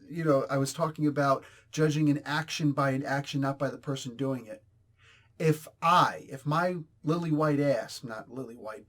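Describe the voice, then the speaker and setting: A man reviewing a comic book in casual commentary, heated and emphatic, often repeating his points. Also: a little high.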